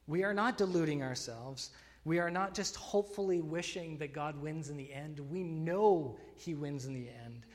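A man preaching a sermon, earnest and emphatic, often restarting phrases with fillers. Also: on the high side. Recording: long hall reverb.

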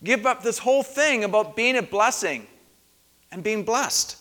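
A man preaching a sermon in a dramatic way, often dropping to a hush and then rising loud for emphasis. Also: sits high, animated, a little slow. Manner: dramatic, varies loudness for emphasis. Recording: long hall reverb.

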